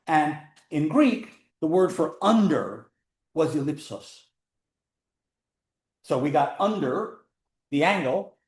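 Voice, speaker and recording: A man teaching a calculus class, explaining in a chatty way with joking asides, sometimes drawing words out and sometimes rushing. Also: sits high. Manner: pace swings between slow emphasis and quick runs. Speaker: math instructor. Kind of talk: classroom lecture.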